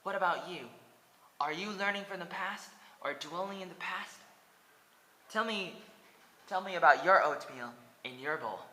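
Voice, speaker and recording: A man's voice: high voice, unhurried, long pauses, bright, forceful tone, echoey room, big-room sound. A man in his twenties from Oregon, rambling earnestly in a personal vlog and speaking straight to his viewers, repeating himself. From Oregon, USA. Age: 20s. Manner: earnest and repetitive, addressing viewers directly. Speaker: vlogger.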